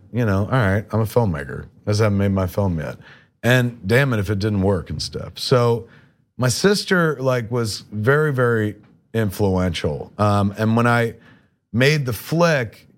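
A middle-aged man with a lowish voice. He rambles through casual anecdotes and acts out other people's lines. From New Jersey. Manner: rambling, animated anecdotes with quoted dialogue. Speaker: podcast guest, filmmaker. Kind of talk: casual storytelling.

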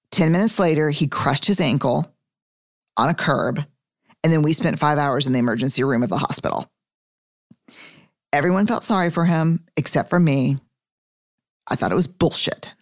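A woman's voice: low-pitched, animated, normal speed, pauses often. A woman hosting a podcast, reading her own memoir aloud with wry asides, swearing and laughing often. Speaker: podcast host.

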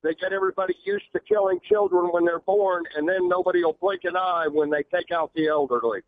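A man's voice: high voice, quick pace. A man calling in to a radio show, folksy and wry. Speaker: caller. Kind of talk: phone-in call. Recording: phone line.

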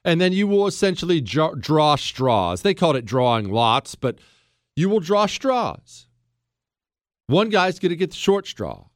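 A man's voice: on the high side, very animated, unhurried, dry recording, studio quality. A man hosting a talk radio show, delivering an emphatic, fired-up monologue full of rhetorical questions. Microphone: studio microphone.

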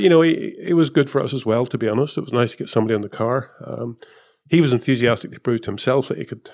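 A man's voice: medium pitch, gravelly, darkish tone. A man, a former motor racing engineer, talking casually in an interview, rambling with many fillers and restarts. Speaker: former F1 technical director and race engineer.

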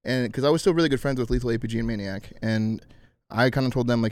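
A man's voice: medium pitch, fast, a little mellow, no echo. A young adult man, a guest on a podcast, talking casually in a laid-back way with lots of fillers. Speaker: podcast guest, pro gamer.

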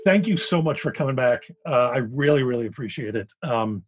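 A man's voice: medium pitch, expressive. A man co-hosting a podcast, telling rambling stories in a casual, chatty interview. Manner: chatty, rambling storyteller with quick asides. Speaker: podcast co-host.

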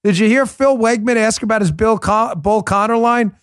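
A man hosting a political commentary podcast, talking in a sarcastic, mocking, animated way. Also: sits high, moderate pace, no echo, studio quality. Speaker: host.

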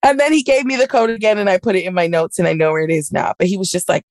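A woman's voice: mid-range voice, animated, fast talker, hardly any pauses, no echo. A woman hosting a podcast, chatting casually and acting out both sides of an argument as she tells a story. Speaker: podcast host. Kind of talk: casual chat.

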